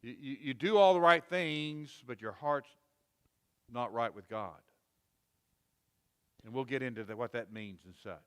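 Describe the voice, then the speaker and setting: A man's voice: medium pitch, measured pace, pauses often, smooth, long reverb tail. A man preaching a sermon in a folksy, repetitive way, rising to emphatic quoted rebukes. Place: church sanctuary.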